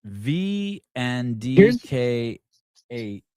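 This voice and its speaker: A man's voice: mid-range voice, big pitch swings, very slow, smooth, no room sound, clean studio sound. A middle-aged man hosting a casual morning talk show, rambling and restarting his sentences as he talks with callers. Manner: rambling, restarts often, shouts quoted yells. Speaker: podcast host.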